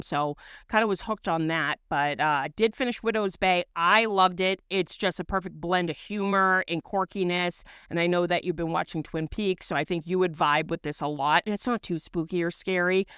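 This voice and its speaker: A woman co-hosting a casual podcast, telling animated stories full of rambling asides. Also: on the low side, clear, resonant tone, no room sound, clean studio sound. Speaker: podcast co-host, movie recommender.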